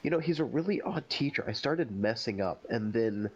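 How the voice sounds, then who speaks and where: A man's voice: mid-range voice, animated, moderate pace. A man co-hosting a casual chat over a remote call, rambling with lots of filler words. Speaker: co-host. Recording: dull lo-fi call audio.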